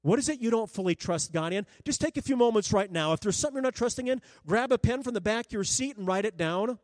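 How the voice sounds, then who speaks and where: Male pastor, high-pitched, earnest and pleading, frequent restarts, dry close sound. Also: lively intonation, fast talker, darkish tone, no echo. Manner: earnest, pleading, acts out prayers in a raised voice; stammers and restarts often. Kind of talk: sermon. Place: church sanctuary.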